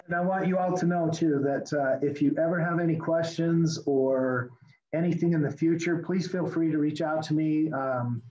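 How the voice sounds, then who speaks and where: A middle-aged man teaching a real estate class over a video call, talking fast as he walks through forms. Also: on the high side, mellow. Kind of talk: virtual class lecture. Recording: muffled lo-fi video call audio.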